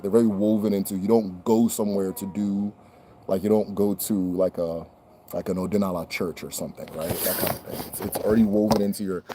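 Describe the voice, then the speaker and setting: Relaxed man answering viewer questions. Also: lowish voice, slight background noise. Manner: relaxed, conversational, repeats phrases for emphasis. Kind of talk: casual livestream Q&A.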